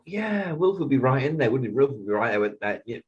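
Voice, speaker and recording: Husky man chatting on a podcast. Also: mid-range voice, big pitch swings, quick pace, lo-fi sound. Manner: chatty, jokey, trails off mid-sentence. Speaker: podcast co-host. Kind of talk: casual chat.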